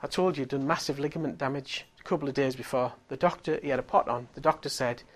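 A middle-aged man preaching, telling a healing story with animated swings from hushed tones to loud exclaiming. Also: medium pitch, fast. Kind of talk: storytelling sermon.

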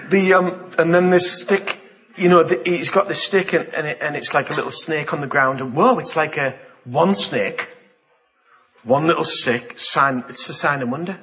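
A man delivers a sermon with a bright, forceful voice, dramatising the story with gasps and exclamations. He talks to his congregation like a storyteller. The recording is slightly dull and lo-fi. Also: a little high, moderate pace. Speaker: pastor.

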